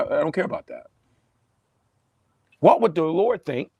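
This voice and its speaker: A man preaching to camera in a Southern US accent, animated and mocking, often repeating himself. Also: on the high side, dry recording. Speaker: pastor. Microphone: webcam or phone on a desk, livestream.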